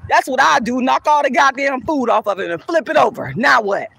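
A woman's voice: sits high, lively intonation, fairly quick, vocal fry, fairly bright tone, breathy edge, no echo. A woman activist ranting to camera outdoors, heated, cursing and scornful. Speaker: colorism activist. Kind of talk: angry profane rant to camera.

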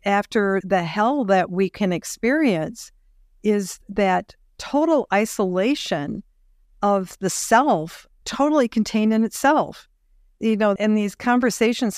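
A woman hosting a podcast interview, speaking in a reflective, measured way as she thinks aloud. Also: medium pitch, a little mellow, smooth, no room sound, studio quality. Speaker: podcast host.

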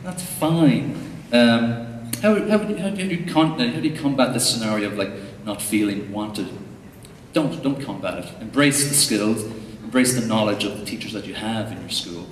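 A man's voice: on the low side, moderate pace. A young man with an Irish accent talks to a conference crowd in a loose, joking way, with plenty of ums and asides. He sounds distant from the mic, and his voice rings around a large, reverberant hall. A faint hum sits underneath. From Ireland. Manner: jokey, chatty, lots of fillers. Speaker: conference speaker, tech coach. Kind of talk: humorous conference talk. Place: large hall before an audience. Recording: echoey hall recording from far off.

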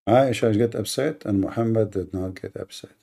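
Using a lowish, dark voice with vocal fry and a moderate pace, this man hosts a live-streamed debate. He delivers a combative monologue, taunting and provoking his audience.

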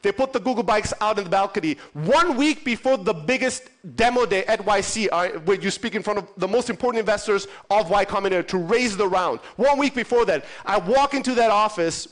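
Man from europe, high voice, keynote speaker, punchy profane storyteller. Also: lively intonation, brisk. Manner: profane, punchy, acts out dialogue. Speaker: conference speaker. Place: conference stage.

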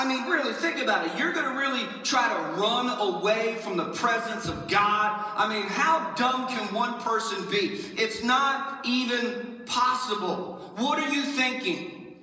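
A man preaching a sermon in a casual, animated way, often acting out the lines he quotes. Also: high voice. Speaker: pastor. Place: church sanctuary. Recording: echoey church hall from far off.

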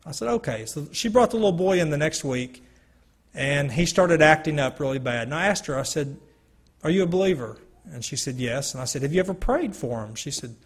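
A man with a somewhat high, husky voice recounts a personal testimony to a gathering. He tells it earnestly, acting out the dialogue as he goes, into a mic in a meeting room. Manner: earnest storytelling with quoted dialogue. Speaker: speaker giving a testimony. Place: church hall or meeting room. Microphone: handheld or stand mic, sometimes stepping away.

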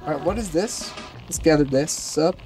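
A gamer giving gameplay commentary, excitable, swearing often and repeating words in panicked bursts. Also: medium pitch, normal speed, loud music behind the voice. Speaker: gamer hosting a let's-play channel.

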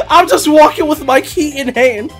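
A man giving excited, slang-heavy commentary on a fighting game as he plays, often shouting and laughing. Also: very high voice, slow. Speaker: gaming YouTuber. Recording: loud game music behind the voice.

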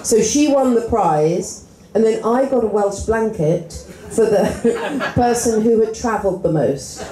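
A woman's voice: a little high, expressive, measured pace, warm tone. Rambling, self-mocking woman in her sixties. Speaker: author guest. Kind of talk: live stage interview. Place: festival stage before an audience. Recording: roomy hall sound.

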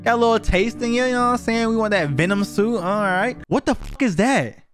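A man's voice: sits high, a little fast, fairly bright tone, faint music behind. A young man giving blunt, profane, slang-heavy reactions as he reviews viewer submissions in a casual video.

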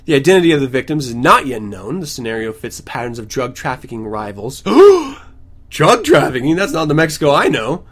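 Sarcastic, animated ranting man. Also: mid-range voice, fast talker, hardly any pauses. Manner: sarcastic, ranting, mocking asides. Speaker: podcast host. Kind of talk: ranting commentary on news. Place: home.

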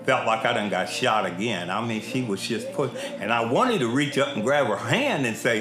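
A man's voice: medium pitch, animated, normal speed, few pauses. A middle-aged man in prison gives an earnest, plain-spoken personal testimony in a casual, colloquial way. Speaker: prison inmate giving testimony. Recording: echoey room with faint music.

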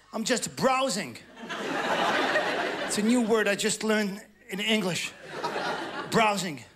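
A man from France with a French accent, performing a stand-up comedy set with a halting, self-deprecating delivery and playful acted quotes. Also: high voice, noisy background. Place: large theatre before a live audience. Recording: stage mic over loud audience laughter.

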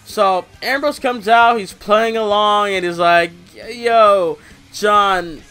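A man's voice: sits high, a little slow, pushed and bright, clear, resonant tone, faint music behind. A young man casually recapping a wrestling show in slangy, rambling talk full of fillers.

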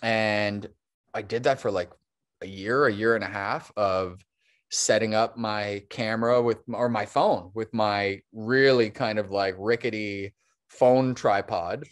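A man's voice: on the low side, steady tone, measured pace. A man, a stop motion animator, chatting as a podcast guest in a casual, long-winded way and laughing often. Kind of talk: casual interview chat.

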